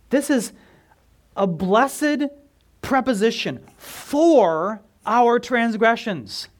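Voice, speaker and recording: Male pastor, sermon, slow measured delivery, emphatic with hushed drops. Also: high voice. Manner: emphatic preaching, swinging from loud stress to near whisper; addresses congregation with questions.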